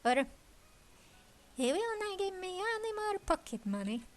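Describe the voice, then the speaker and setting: A woman's voice: very high-pitched, very animated, a little slow, voice pushed up, exaggerated voice. A woman voicing a boastful, childish young male tower guard who is touchy about his name.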